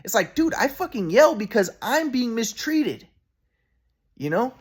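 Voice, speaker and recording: A man's voice: extremely high pitch, big pitch swings, measured pace, breathy edge. A man in his thirties venting in a casual monologue, rambling and profane, full of restarts. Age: 30s. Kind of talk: casual personal vlog monologue.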